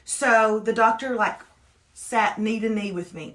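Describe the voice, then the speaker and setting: A woman, co-hosting a live morning show in animated, playful casual chat. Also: medium pitch. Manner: animated, playful, quick asides.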